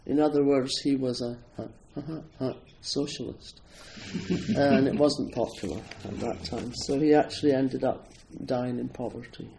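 A man's voice: medium pitch, steady tone, normal speed, gravelly, mellow, a little hiss or hum, poor audio. An older man from Scotland giving a chatty, digressive talk at a Zen centre, laughing often as he introduces a poem. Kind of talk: casual talk introducing a poetry reading.

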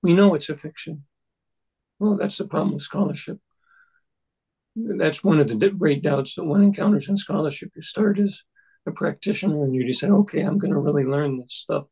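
An older man leading a text study group, speaking in a halting, thoughtful way with many restarts. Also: a little high, creaky, dark tone, husky, rough recording. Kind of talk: discussion of a Buddhist text.

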